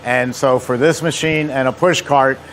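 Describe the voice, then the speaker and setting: A man's voice: mid-range voice, steady tone, moderate pace, a little hiss or hum. Chatty New man giving a demo. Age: 50s or 60s. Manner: chatty, joking storyteller. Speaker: equipment company president. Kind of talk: live seminar demonstration.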